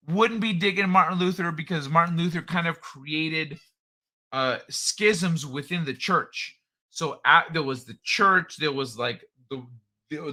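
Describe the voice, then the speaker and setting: Bright-voiced man in profane banter. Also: a little high. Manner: loose, profane, rambling banter. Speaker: streamer host. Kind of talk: casual live-stream chat.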